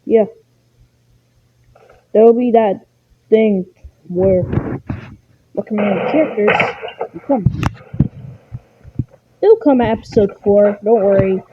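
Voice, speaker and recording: A woman's voice: mid-range voice, slow, long pauses. A woman hosting and narrating a homemade cartoon show, rambling with many fillers and restarts. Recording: muffled lo-fi recording, clear hiss.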